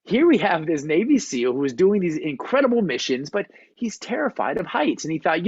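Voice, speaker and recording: A man who is a performance coach, giving a motivational talk on a video call in an animated storytelling manner. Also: fairly high pitch, normal speed, creaky, few pauses, slightly rough, dry recording, lo-fi sound. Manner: storytelling, animated, acts out quotes. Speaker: performance coach, guest speaker.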